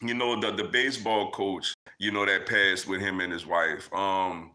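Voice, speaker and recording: A man's voice: low voice, steady tone, moderate pace, pushed and bright. Laid-back man hosting a live chat. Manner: loose and conversational, many fillers like "man" and "yo". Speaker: livestream host answering chat.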